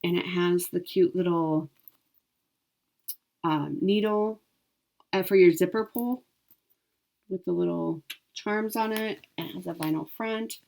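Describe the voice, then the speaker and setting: Chatty woman, slightly low voice. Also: slow pace, vocal fry, pauses often, darkish tone. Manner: chatty, upbeat, lots of ums and self-corrections. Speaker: cross-stitch vlogger. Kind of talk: casual chat to camera.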